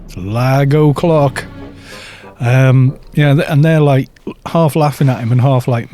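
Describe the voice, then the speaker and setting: A man's voice: mid-range voice, unhurried, dark tone. A man streaming a game live, chatting casually and telling rambling stories between remarks on play. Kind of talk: casual live-stream chat while gaming.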